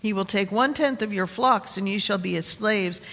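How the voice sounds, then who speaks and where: A woman pastor introducing and reading an Old Testament lesson in a relaxed, conversational sermon, with fillers and restarts. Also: medium pitch, moderate pace. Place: church sanctuary. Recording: long reverb of a church sanctuary.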